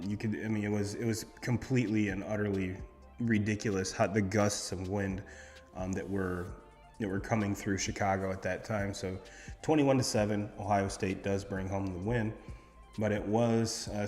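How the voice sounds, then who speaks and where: A man's voice: lowish voice, steady tone, normal speed, a little mellow, long reverb tail, soft background music. A man hosting a casual sports talk show, reading off game stats with lots of ums and restarts. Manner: rambling, reads off stats with many fillers. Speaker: sports podcast host.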